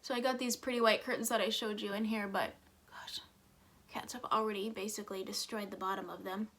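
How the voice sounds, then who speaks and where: Chatty bright-voiced woman vlogger. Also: medium pitch, fairly even intonation, a little fast. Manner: chatty, rambling, drops to a whisper at times. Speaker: beauty vlogger. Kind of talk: casual get-ready-with-me chat. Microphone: phone camera close up.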